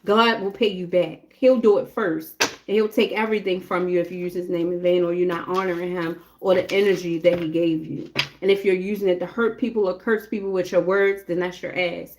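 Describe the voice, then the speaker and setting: A woman's voice: on the low side, fairly even intonation, a little fast, noisy background. A woman giving a casual live tarot reading, talking bluntly and chattily straight to her viewers. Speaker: tarot reader.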